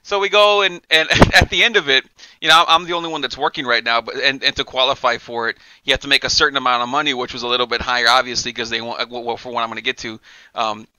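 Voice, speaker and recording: Bright-voiced man telling a rambling story. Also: medium pitch, fast talker, smooth, no room sound, rough recording. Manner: animated, profane, acts out quoted dialogue. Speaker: podcast co-host. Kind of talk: casual chat, storytelling.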